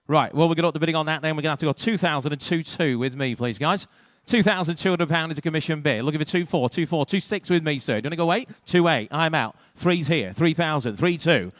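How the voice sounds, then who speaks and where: Calling a live auction in British English, a male auctioneer runs through bids at a quick, rhythmic clip, tossing in wry remarks between them. His voice sits a little high for a man, recorded close and dry without any room echo.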